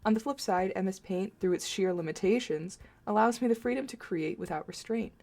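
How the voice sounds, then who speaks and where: A woman's voice: mid-range voice, fairly quick, creaky, a little mellow. A young woman narrating a scripted art video in a playful, mock-dramatic and sarcastic way.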